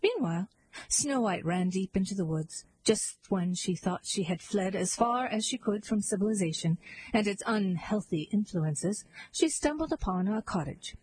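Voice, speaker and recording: Woman narrator, deadpan and wry, husky voice. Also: mid-range voice, normal speed, poor audio. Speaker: storyteller. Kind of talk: scripted narration.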